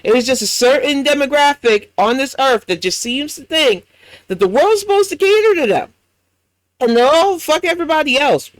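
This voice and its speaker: High-pitched, blunt New York man ranting. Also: expressive, normal speed, no room sound. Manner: blunt, profane, mocking. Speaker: commentary host. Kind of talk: angry reaction commentary.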